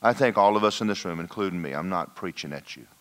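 A man preaching a sermon in a church, telling a personal story and dropping to a hushed voice for emphasis. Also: deep voice, fast. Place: church hall.

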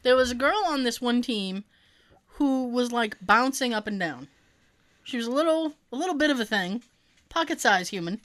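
A woman co-hosting a casual chat, animated and sarcastic, laughing often. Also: on the high side, moderate pace. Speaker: podcast co-host.

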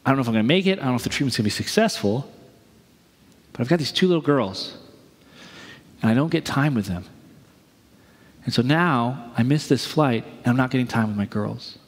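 A pastor quoting a frightened sick traveler. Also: male voice, medium pitch, lively intonation, brisk, pauses often, slightly rough, big-room sound, voice pushed down. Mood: somber. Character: worn, frightened sick man, a passenger.

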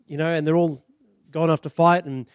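Male preacher, high voice, animated sermon storytelling. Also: fairly quick, clean tone, no echo, studio quality. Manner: animated storytelling, acting out characters.

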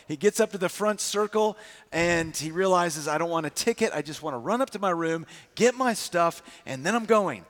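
A man preaching a sermon, telling a campus story with lively acted-out quotes before turning to scripture. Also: fairly high pitch. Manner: animated storyteller acting out quotes. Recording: long hall reverb.

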